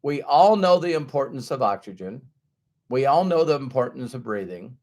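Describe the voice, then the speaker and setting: A man's voice: medium pitch, very animated, normal speed, a little mellow. A man giving a conversational motivational talk who acts out the voices of doubters. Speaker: motivational speaker.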